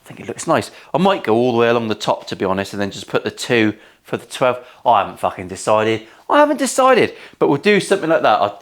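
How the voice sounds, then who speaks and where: Sweary, lively man in a workshop. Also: medium pitch, fast, few pauses. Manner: cheeky, sweary banter with viewers. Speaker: luthier and channel host. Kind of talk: casual workshop vlog. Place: guitar-making workshop.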